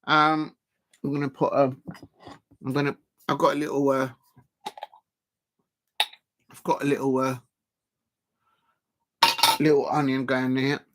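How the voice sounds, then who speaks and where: A man's voice: mid-range voice, flat delivery, measured pace, long pauses, fairly bright tone. A man hosting a live football watch-along, chatting to viewers while he eats, rambling with lots of fillers and restarts. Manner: chats to viewers while eating. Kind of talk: casual live-stream chat.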